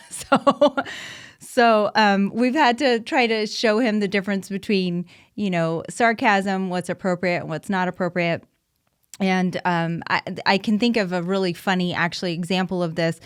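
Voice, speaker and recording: Woman, 30s, podcast host, casual chatty, lots of ums, smooth voice, dry room. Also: medium pitch, steady tone, a little slow, no room sound. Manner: chatty and candid, frequent ums and restarts. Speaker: podcast host, mother of an autistic son. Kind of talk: casual solo podcast talk.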